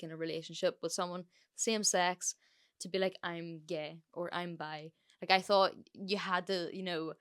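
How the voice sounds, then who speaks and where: A woman with a Northern Irish accent hosts her podcast alone. She talks casually and bluntly, padding sentences with fillers and swearing freely, in a slightly low voice. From Northern Ireland. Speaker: podcast host. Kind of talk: solo podcast talk.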